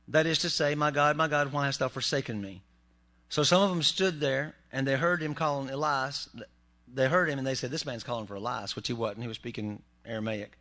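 Guy preaching in church, keeps joking with the folks, bright ringing voice. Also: medium pitch, brisk. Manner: joking asides to the congregation. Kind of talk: humorous sermon. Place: church sanctuary.

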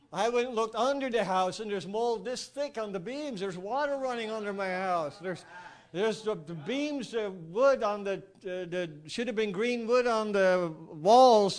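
A man giving an informal sermon, telling stories with animated rhetorical asides and frequent chuckles. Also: high-pitched, unhurried. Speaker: preacher.

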